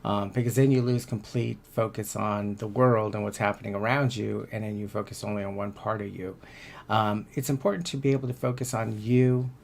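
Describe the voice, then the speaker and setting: A man's voice: fairly low pitch, creaky, slight background noise. A man giving a casual motivational talk on self-help, rambling a little and repeating words as he searches for the next thought.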